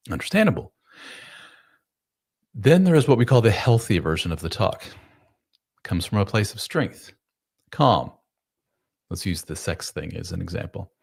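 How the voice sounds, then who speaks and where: A man's voice: sits low, very animated, normal speed, vocal fry, long pauses, husky. A man hosting a live advice stream, answering chat questions about marriage in a blunt, casual way with some swearing. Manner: blunt, casual, and profane, full of fillers; acts out spouses' lines in voices. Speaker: relationship coach and author, host.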